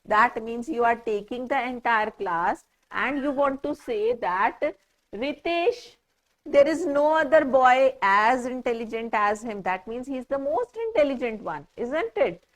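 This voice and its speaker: A woman's voice: on the high side, expressive, a little slow. A woman with an Indian English accent explaining a grammar lesson, patiently spelling out words letter by letter and checking understanding with "right?". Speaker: teacher.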